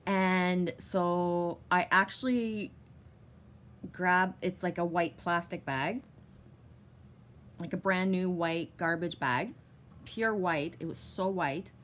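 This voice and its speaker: A woman vlogger casually telling a long story, rambling with lots of fillers, swearing often and bursting into giddy excitement. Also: fairly low pitch, slow, pauses often, slight background noise.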